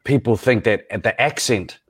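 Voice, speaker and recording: A man's voice: medium pitch, normal speed, husky. A man reflecting earnestly in a casual discussion, often correcting himself mid-sentence. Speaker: panel speaker.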